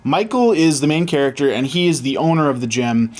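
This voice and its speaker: A man co-hosting a casual movie chat, telling stories in a relaxed, enthusiastic way. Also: fairly high pitch, fairly quick. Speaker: podcast co-host.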